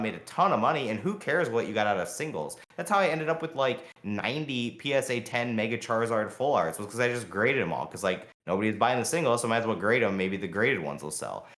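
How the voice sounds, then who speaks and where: A man co-hosting a podcast, talking fast and heatedly in a long rambling rant full of fillers. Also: medium pitch, a bit bright, reverberant. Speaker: podcast co-host. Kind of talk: casual podcast chat.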